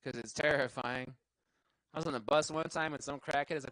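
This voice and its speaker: A man's voice: on the high side, steady tone, a little fast, fairly bright tone, dry recording, poor audio. A young man doing a stand-up comedy set, rambling, cursing freely and laughing at his own jokes. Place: live show venue.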